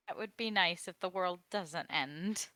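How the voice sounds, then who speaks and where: A woman player calmly narrating what her character does in a tabletop game, relaxed and a little hesitant. Her voice is bright and crisp, recorded very dry and close. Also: on the low side, no room sound. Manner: easygoing, hesitant with ums.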